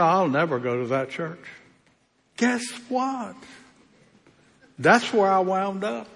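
A man preaching a sermon as pastor, speaking with slow, emphatic delivery and long pauses. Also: a little high, a bit bright, big-room sound.

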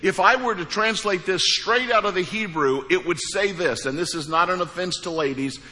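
Preacher guy, folksy and emphatic, fairly high voice, echoing sanctuary. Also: moderate pace, pushed and bright. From Missouri, USA. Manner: folksy storytelling, emphatic repeated phrases. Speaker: pastor. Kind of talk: sermon with a joke. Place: church sanctuary. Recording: large hall with long reverb.

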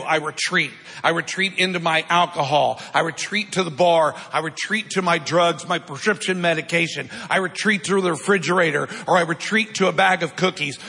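A pastor with a high, bright, forceful voice and a breathy edge preaches a sermon, calling out to the congregation for responses. The church sanctuary gives a long hall reverb.

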